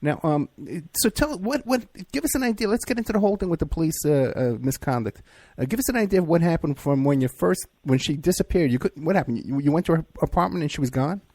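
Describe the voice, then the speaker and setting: A man with a fairly high but mellow, dark voice hosts a casual interview. He sounds relaxed and puts fillers between his questions. The sound is dry and close. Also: quick pace, no room sound. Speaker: host.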